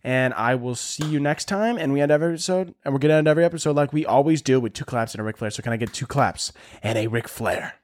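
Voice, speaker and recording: This half-Italian-family podcast host talks fast in a medium-pitched voice with few pauses, over slight background noise. Alone on the mic, he rants casually and profanely, animated and rambling, with lots of fillers.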